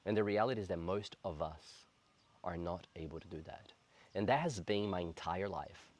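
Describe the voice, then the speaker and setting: Low-voiced earnest man in his thirties. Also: a little mellow. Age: 30s. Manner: earnest, reflective, slow and heartfelt. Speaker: spiritual coach. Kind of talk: personal spiritual storytelling to camera.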